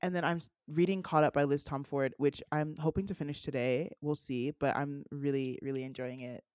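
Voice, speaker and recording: A woman's voice: low voice, steady tone, brisk, a little mellow, no echo, studio quality. A woman co-hosting a casual podcast, rambling along and filling her sentences with "like.". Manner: rambling, heavy on "like" fillers. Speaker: podcast co-host. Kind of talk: casual chat.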